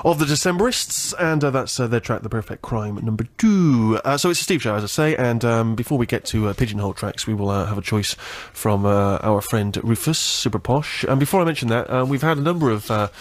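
A man hosting a radio show, telling a comic story in an animated, self-mocking way that jumps up into indignant squeaks. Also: a little fast, few pauses. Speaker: radio host.

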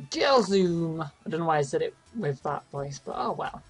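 A woman with a lowish voice chats in a goofy, playful way during a game playthrough, tossing out random noises and silly claims. Faint game music plays under her. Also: husky. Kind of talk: casual gaming chat.

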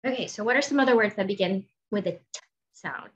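A woman teaching a phonics lesson to young children, sounding out letters slowly and encouraging them to answer. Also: mid-range voice, loud music behind the voice. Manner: slow, drawn-out sounding of letters and words; encouraging, asks questions and waits. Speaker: kindergarten teacher. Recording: dull lo-fi audio with faint noise.

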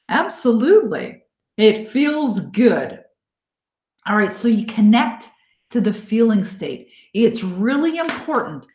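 A woman hosting a live online coaching webinar, encouraging and upbeat, thanking listeners by name and slowing down to guide them. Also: mid-range voice. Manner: slow, coaxing guidance in visualization parts. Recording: echoey room.

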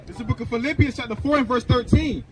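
A man's voice: very high-pitched, quick pace, rough recording. A man reading Bible verses aloud, announcing book, chapter and verse before each one. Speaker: scripture reader. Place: outdoors on a street. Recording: outdoor noise behind the voice.

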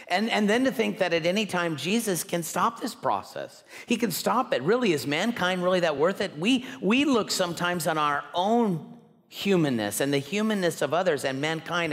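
A pastor preaching a sermon in an earnest, emphatic way, slowing down to stress key words. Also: male voice, a little high, fairly bright tone. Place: church sanctuary. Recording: long hall reverb.

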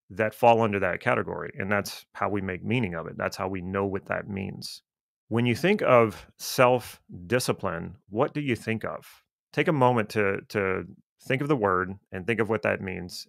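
A man's voice: on the low side, vocal fry, a bit bright, no room sound, studio quality. A man who coaches and teaches, explaining ideas to viewers in a conversational, reflective way. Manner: conversational, reflective, with frequent restarts.

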